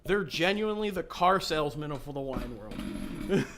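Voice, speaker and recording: A man's voice: on the high side, expressive, unhurried, background noise. Blunt opinionated guy who cooks for a living, just chatting. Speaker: cook, wine tasting guest. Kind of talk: casual chat.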